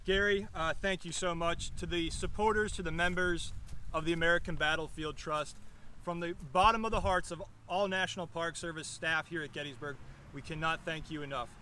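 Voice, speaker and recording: A man speaks as a park ranger outdoors on a battlefield, his voice bright and fairly high. He gives a formal thank-you speech in an earnest, heartfelt way, with faint noise around him. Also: steady tone, fairly quick.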